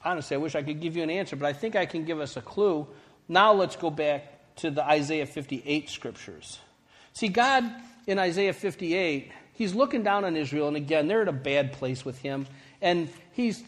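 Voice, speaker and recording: A man preaching a sermon in a conversational style, building to emphatic points and dropping to quiet, hushed lines. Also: on the high side. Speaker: pastor.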